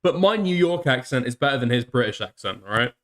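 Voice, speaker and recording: A man's voice: medium pitch, expressive, fast talker, fairly bright tone. A man hosting commentary, chatting on a call and reacting with profane, sarcastic laughs. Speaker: commentary host.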